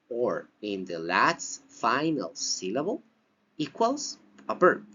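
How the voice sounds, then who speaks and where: A male English teacher walks through a slide lesson at an unhurried, deliberate pace. His pitch rises and falls a lot as he repeats key phrases for emphasis. The recording sounds dull and lo-fi. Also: bright, forceful tone, husky. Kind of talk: slide-based grammar lesson.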